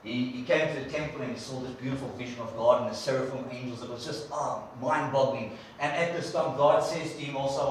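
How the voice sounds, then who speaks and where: A man preacher giving a conversational, animated sermon in a church. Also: medium pitch, a little fast, few pauses, slight background noise. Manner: animated storyteller, conversational, acts out quotes. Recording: echoey church from a distant mic.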